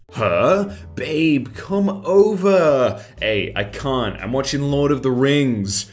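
A man in his thirties doing casual meme commentary, reading captions aloud, then joking and laughing often. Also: mid-range voice. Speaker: meme reaction host.

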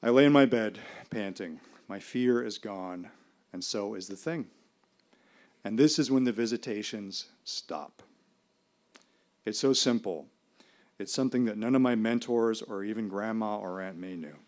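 A man performing a first-person story live on stage, in a measured, dramatic delivery with pauses. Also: fairly low pitch, darkish tone. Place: small live venue.

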